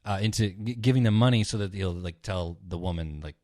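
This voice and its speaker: Young male podcast co-host, very low voice, loose swearing storyteller, dry close sound. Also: fairly quick, darkish tone, no echo. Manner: rambling, swears a lot, acts out characters in a low mutter. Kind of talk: casual chat retelling stories.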